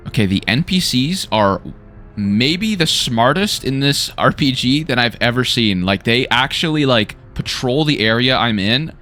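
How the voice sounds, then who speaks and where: A man casually commenting while he plays a game, excitable and quick to swear and react. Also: mid-range voice, soft background music. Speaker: gaming YouTuber. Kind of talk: casual let's-play commentary.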